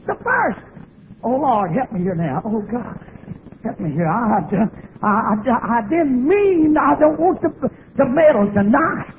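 A man preaching a revival sermon in a sobbing, shouting cadence, heard through a thin, tinny recording. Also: very high voice, sing-song, a little slow, slight background noise. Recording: tinny phone-like old recording.

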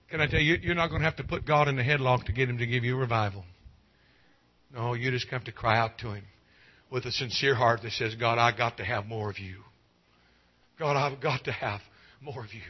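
A man preaching a revival sermon, swinging from hushed pleading to loud exclaiming and stretching out key phrases. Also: medium pitch, moderate pace. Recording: dull lo-fi sound.

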